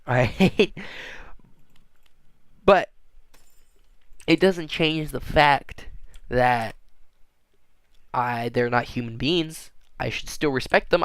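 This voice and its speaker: A man's voice: mid-range voice, a bit bright, no echo. A man rambling through a casual monologue, often restarting and tagging on "all right?". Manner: halting, frequent restarts and fillers.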